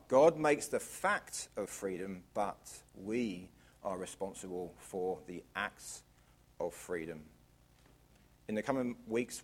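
A man preaching a sermon to a congregation, asking rhetorical questions and swinging from loud emphasis down to quiet, low lines. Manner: varies volume widely, drops to quiet emphasis; asks the audience rhetorical questions.

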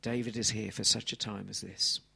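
A man in his thirties from England preaching a sermon on a handheld mic, animated and swinging from soft asides to loud exclamations. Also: on the low side, normal speed, vocal fry, slightly rough.

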